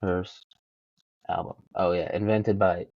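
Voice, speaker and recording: A man's voice: low voice, flat delivery, slow pace, creaky, dull audio. A young man hosting a solo podcast, rambling casually with lots of swearing and self-mocking jokes. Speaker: podcast host.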